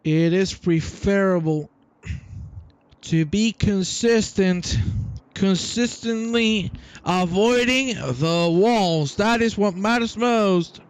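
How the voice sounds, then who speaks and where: A man giving live sim racing commentary, teasing and cheering the drivers on in an excited, hyped way. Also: high voice, takes it slowly, clean tone.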